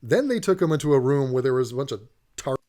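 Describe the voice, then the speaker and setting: A man's voice: mid-range voice, big pitch swings, fast, mellow. A man giving a profane, sarcastic comedic rant while reacting to an advert, sounding exasperated and swearing freely.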